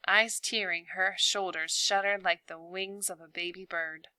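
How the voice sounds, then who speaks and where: A woman teacher reading a novel aloud to her class in a slow, deliberate way. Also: fairly low pitch, steady tone, bright, forceful tone, no room sound.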